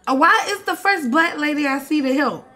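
A young woman, giving animated, swearing, mock-outraged commentary as she plays a life-sim game. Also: high voice, normal speed, soft background music. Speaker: gaming streamer. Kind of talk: casual gameplay commentary.

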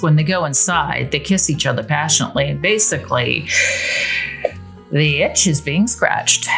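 Low-voiced woman narrating a romance. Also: creaky, fairly bright tone. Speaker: storyteller. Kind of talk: romance narration over a life-sim game.

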